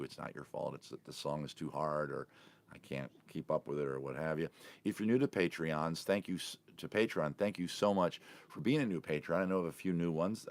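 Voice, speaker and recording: Low gravelly middle-aged man chatting. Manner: rambling, self-interrupting, chatty. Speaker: entertainer and vlog host. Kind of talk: casual morning coffee chat to supporters.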